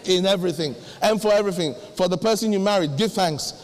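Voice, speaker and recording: A middle-aged male pastor preaching, acting out little dialogues with sudden jumps in pitch. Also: quick pace. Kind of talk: sermon. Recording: long hall reverb.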